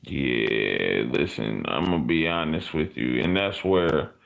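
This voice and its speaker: A man on a podcast panel, talking earnestly and in a measured way. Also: a bass voice, animated, gravelly, fairly bright tone, highs cut off. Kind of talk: podcast discussion.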